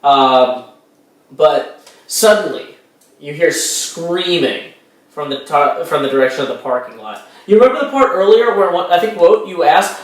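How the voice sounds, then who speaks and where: A man's voice: a little high, lively intonation, unhurried, far from the mic. A man narrating as game master of a tabletop role-playing game, rambling with lots of restarts and fillers. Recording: very echoey room, a bit off mic.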